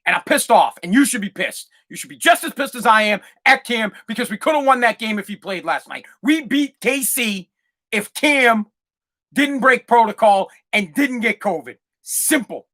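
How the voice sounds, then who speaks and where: A fired-up man rants through a solo sports podcast. His voice is bright and edgy, and he swears freely and trips over his own restarts as he talks. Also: very high-pitched, animated, normal speed. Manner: fired-up, swearing, repeats himself. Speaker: podcast host.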